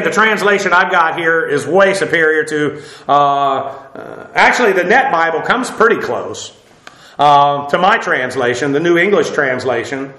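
Halting male Bible teacher, roomy sound. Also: on the high side, a bit bright. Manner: halting, many fillers and restarts, dry asides. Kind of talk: verse-by-verse Bible lesson.

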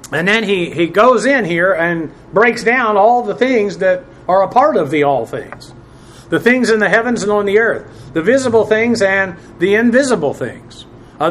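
A man teaching a Bible passage word by word from the Greek, spelling terms letter by letter and filling pauses with "uh". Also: sits high, a bit bright, a little hiss or hum. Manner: spells out Greek words letter by letter, many "uh" fillers; presses emphatic points with rising force.

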